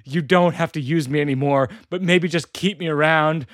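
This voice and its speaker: A man's voice: fairly high pitch, normal speed, fairly bright tone, no room sound, studio quality, lightly acted. A man voicing an old laptop as a sulky, passive-aggressive intern, with a whiny, wounded manner. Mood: wheedling.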